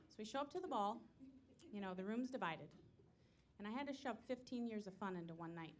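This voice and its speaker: A woman's voice: medium pitch, a little fast, very noisy. A woman in her thirties telling self-deprecating stories in a stand-up comedy set. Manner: self-deprecating, animated storytelling. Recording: live room with audience laughter.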